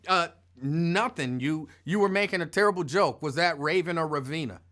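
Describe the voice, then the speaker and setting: On his own live stream, a man whose voice sits on the high side talks at normal speed in a casual rant. He's animated and playful, rambling colloquially through stories and repeating phrases for emphasis.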